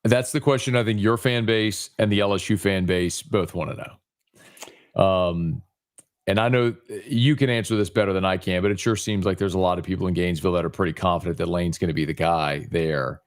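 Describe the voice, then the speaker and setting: A fairly low-voiced man from Louisiana, on as a guest sports reporter. He argues his points emphatically in a casual tone, often calling the host buddy. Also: fairly even intonation, a little fast.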